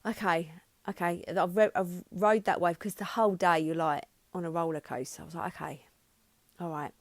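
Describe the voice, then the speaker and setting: Woman, 30s, podcast host, low voice, dry close sound, candid and emotional. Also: steady tone, normal speed, dry recording. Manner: emotional, frank, swears, restarts often. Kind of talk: candid personal monologue.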